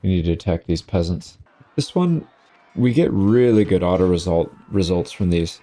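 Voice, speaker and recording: A man's voice: deep voice, normal speed. A man giving casual, wry running commentary while he plays a strategy game. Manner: relaxed, wry running commentary on his own play. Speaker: gameplay commentator. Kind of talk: casual let's-play commentary.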